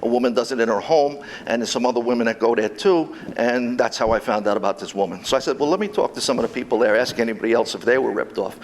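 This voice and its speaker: Ex-cop guy telling stories on stage, middle pitch, acts out the dialogue, bit of room noise. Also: fast talker, hardly any pauses. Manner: animated storytelling, quotes others in dialogue. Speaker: private investigator and ex-cop. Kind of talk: convention talk telling stories. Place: convention hall.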